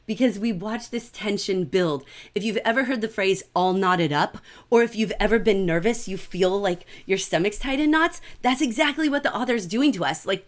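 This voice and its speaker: A middle-aged woman with a mid-range voice teaches a livestreamed literature class. She's animated and conversational, often checking in with "right?"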